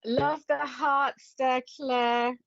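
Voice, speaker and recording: Slow, playful woman medium. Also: high voice, fairly even intonation, vocal fry, no echo, lo-fi sound. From England. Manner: chatty and playful, laughs often. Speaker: psychic medium and spirit artist. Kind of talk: live-stream chat greeting viewers.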